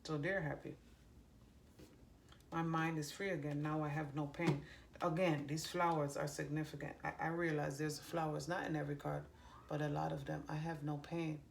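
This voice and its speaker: A woman doing a psychic card reading for viewers, pausing often with ums and restarts as she relays messages she hears. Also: sits low, level tone, gravelly. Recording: faint background noise.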